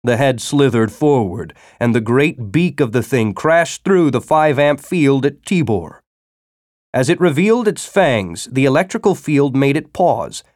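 A man narrating a science-fiction story as an audiobook, with expressive storytelling. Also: mid-range voice, a little slow, no echo, studio quality.

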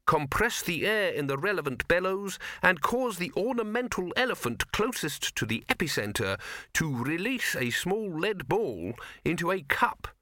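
A man voicing a fussy academic reading a dense treatise aloud in an audiobook, slow, pedantic and precise. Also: high-pitched, sing-song, sharp tone, no echo, studio quality, voice pushed up, full character voice.

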